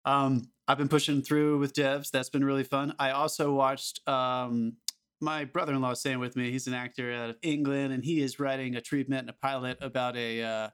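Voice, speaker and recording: A man's voice: medium pitch, flat delivery, normal speed, fairly bright tone, smooth. A man co-hosting a casual film podcast, talking with eager enthusiasm and cursing freely. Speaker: podcast co-host.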